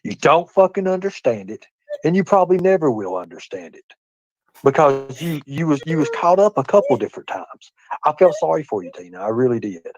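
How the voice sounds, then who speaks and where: A man's voice: fairly high pitch, big pitch swings, brisk, darkish tone, highs cut off, a little hiss or hum. A man delivering a repetitive, profane, lecturing rant in a clip played on a livestream.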